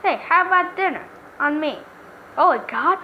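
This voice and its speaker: A woman's voice: sits high, lively intonation, moderate pace, dull audio, a little hiss or hum. A woman voicing a cheerful, nosy young female sidekick in a game, teasing in her manner.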